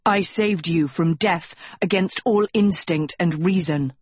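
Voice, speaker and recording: A woman voicing an arrogant teenage prince, smug and teasing, in a low husky voice close to her own. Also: unhurried, a little mellow, dry recording.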